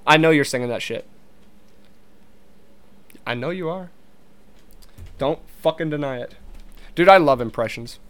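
A young man rambles through a casual monologue in a mid-range voice, speaking a little slowly and pausing often. He swears frequently, restarts many times, and laughs easily.

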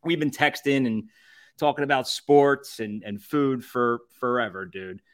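A man's voice: mid-range voice, a little slow. A man, a podcast guest telling stories in a casual, rambling way with frequent laughs and filler words. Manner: rambling, laughs often, many fillers and restarts. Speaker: podcast guest, co-founder of a food review group. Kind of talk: casual storytelling chat.

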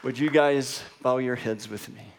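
A man preaching a sermon as pastor, reading scripture with wry asides and building to an excited, rising delivery. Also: medium pitch, a little slow, crowd noise, background noise. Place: church sanctuary.

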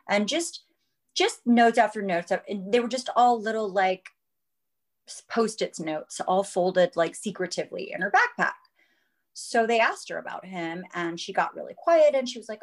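A woman's voice: mid-range voice, normal speed. A woman in her thirties, a mother and guest on a podcast, telling a story earnestly and acting out what others said. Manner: earnest, animated, acts out quoted voices. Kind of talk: interview storytelling.

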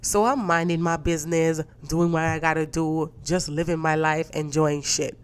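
A woman with a very low voice chats loosely on her own podcast. She rambles, restarts her sentences and laughs between them. Her voice sounds a little stuffy, and she speaks into a podcast mic. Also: flat delivery, normal speed, smooth. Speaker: podcast host. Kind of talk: casual solo podcast chat.

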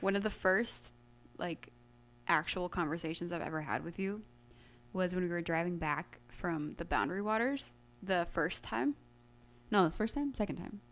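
A woman's voice: fairly low pitch, normal speed. A woman co-hosting a casual podcast chat, telling stories in a chatty way with many fillers. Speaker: podcast co-host.

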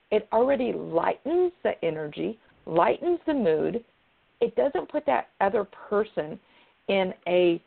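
A woman shares advice in an earnest, chatty way, circling back and restarting her thoughts. Her voice carries a gravelly fry. The sound is narrow and tinny, like a phone call. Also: medium pitch. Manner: earnest, repeats herself, restarts sentences. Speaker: guest. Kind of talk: casual advice chat.

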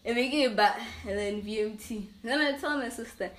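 A young woman chatting casually as a podcast guest, animated and self-deprecating, often laughing. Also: on the high side, fairly quick. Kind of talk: casual interview chat.

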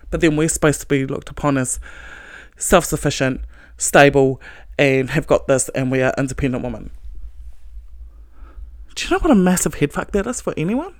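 Woman ranting about relationships, swears a lot, low-ish voice, dry sound. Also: dry recording. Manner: profane, forceful ranting. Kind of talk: blunt monologue on relationships.

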